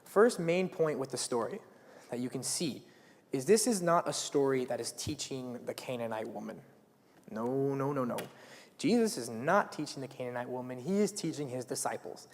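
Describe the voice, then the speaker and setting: A man's voice: mid-range voice, normal speed. Earnest teenage boy preaching in a hall. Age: late teens. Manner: earnest, conversational, with restarts and "like". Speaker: student speaker. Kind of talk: youth sermon retelling a Bible story. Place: school chapel or hall, live. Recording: long hall reverb.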